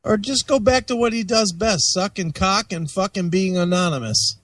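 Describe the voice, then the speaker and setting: A man's voice: sits high, normal speed, a bit bright, dry recording, distant mic. A tipsy man co-hosting a radio show, trading crude jokes in casual banter. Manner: crude, joking. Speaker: co-host.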